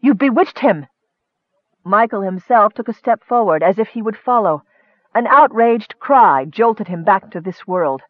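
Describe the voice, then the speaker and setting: A man narrates a fantasy story in steady, expressive storytelling. His voice is high for a man. The recording is dry, close and slightly dull. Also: normal speed, no room sound. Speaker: audiobook narrator.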